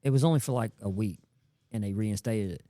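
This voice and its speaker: A man talks loosely as a guest on a podcast, piling on slang and circling back over his own words. His voice is mellow and dark, recorded dry and close. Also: lowish voice, brisk, dry recording. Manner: rambling, slangy, repeats words. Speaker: guest YouTube creator. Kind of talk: casual podcast chat.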